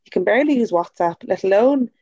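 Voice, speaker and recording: A young Irish woman co-hosting a podcast, quick and wry with teasing asides. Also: medium pitch, animated, dark tone, no echo. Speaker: podcast co-host. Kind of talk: casual chat. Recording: dry, slightly dull sound.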